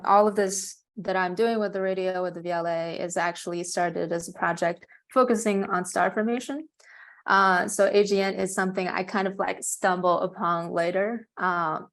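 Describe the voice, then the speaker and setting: Lowish-voiced woman giving a science talk on a video call, lots of ums and restarts. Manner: hesitant, many fillers and restarts. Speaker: guest speaker, astronomer. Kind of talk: academic seminar talk.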